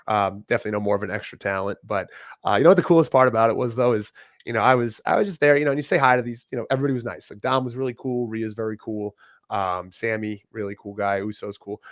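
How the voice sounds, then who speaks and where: A man's voice: on the low side, fast talker, dry recording, clean studio sound. A young man, a wrestler guest, chatting casually in an interview, laughing often and cursing easily. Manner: relaxed storyteller, laughs often, swears casually.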